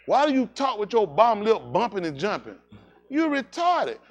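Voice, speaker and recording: A man's voice: sits high, big pitch swings, moderate pace, voice pushed up. A man voicing a confused, indignant newborn baby who mocks the grown-ups cooing at it. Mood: mocking.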